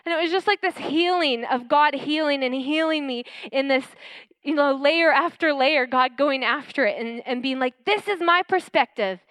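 A woman pastor giving an earnest, animated sermon and telling personal stories. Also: high voice, moderate pace, no echo.

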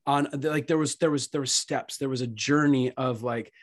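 A man in his thirties, a podcast guest, telling a candid, emotional personal story in an earnest way and growing soft when he speaks of faith. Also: medium pitch, steady tone, normal speed, hardly any pauses, no room sound, studio quality.

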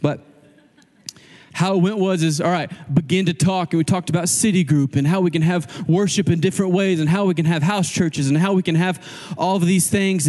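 Animated male pastor in a reverberant hall. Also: fairly high pitch, brisk. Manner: casual, animated preaching with quoted asides. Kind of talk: sermon.

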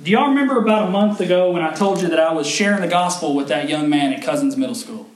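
A man's voice: on the high side, lively intonation, quick pace. A male pastor preaching a sermon, telling a story and rising to fervent emphasis. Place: church sanctuary. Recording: echoey church hall with faint noise.

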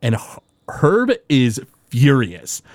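A man casually recaps an episode on his podcast, stumbling through fillers and restarts as he tells it. His pitch swings widely, full of animation. The sound is dry and close. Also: sing-song, takes it slowly, no echo.

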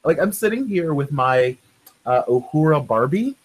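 A man chats casually in a playful way and laughs easily. His pitch moves up and down with lively energy. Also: moderate pace, poor audio. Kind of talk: casual chat.

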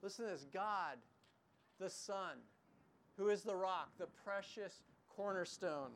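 Man preaching an expressive sermon. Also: high-pitched, a little hiss or hum. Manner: expressive preaching, reads scripture slowly with emphasis, quick asides. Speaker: pastor.

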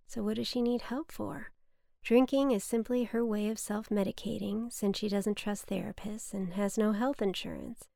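A woman reading her own scripted personal memoir in a candid, wry, profane way, often dropping to a hush. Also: mid-range voice, vocal fry, no echo, clean studio sound. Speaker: memoir podcaster.

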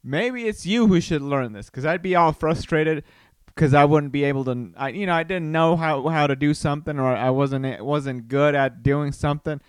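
A man muses aloud on his podcast at home, wandering from thought to thought and slipping into goofy voices. His voice sits a little high and sounds smooth and clean. The mic catches almost no room. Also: steady tone, dry recording. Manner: rambling, playful, does silly voices and quick exclamations. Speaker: podcast host, comedian. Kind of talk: casual solo podcast musing. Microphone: studio microphone.

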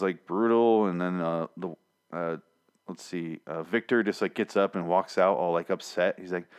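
A man recapping a TV episode in a casual, profane, exasperated rant, mocking the characters in put-on voices. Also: mid-range voice. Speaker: TV episode reviewer.

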